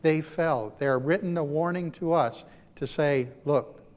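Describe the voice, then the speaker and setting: A man preaching a sermon as a pastor, shifting between loud emphatic lines and hushed, quiet ones. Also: on the high side, measured pace. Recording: long hall reverb.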